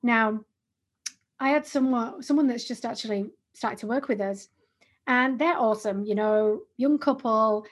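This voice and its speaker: A woman in her forties co-hosting a business podcast, chatty and animated, often restarting her words. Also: on the high side, measured pace. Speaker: podcast co-host. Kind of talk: casual business podcast chat.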